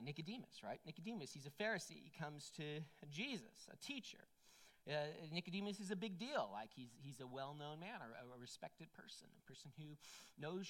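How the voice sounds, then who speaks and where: Woman giving a sermon, super conversational, voice swings up and down a lot. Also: deep voice. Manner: conversational, animated, frequent "right?" and "like". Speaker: preacher.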